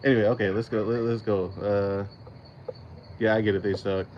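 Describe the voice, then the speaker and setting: A man's voice: fairly low pitch, flat delivery, moderate pace, highs cut off, a little hiss or hum. A man hosting his own channel, chatting casually and rambling through a story with lots of swearing, restarts and laughter. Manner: rambling, profane, laughs often. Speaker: channel host. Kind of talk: casual livestream chat.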